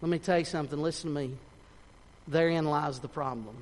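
A man preaching a sermon in a fervent, folksy way, swinging between shouts and hushed tones. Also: a little high, a little fast. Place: church sanctuary. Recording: long reverb of a church hall.

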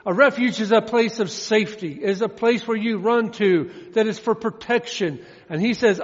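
Casting: high-pitched male pastor, folksy sermon delivery with lots of repetition, dull lo-fi church recording with long reverb. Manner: folksy preaching, repeats phrases, drawn-out quoted verses.

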